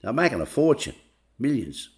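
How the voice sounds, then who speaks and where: A man's voice: mid-range voice, sing-song, moderate pace. A middle-aged man casually telling a rambling personal anecdote, full of "I said, he said.". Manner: rambling, chatty retelling full of "I said, he said". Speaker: storyteller.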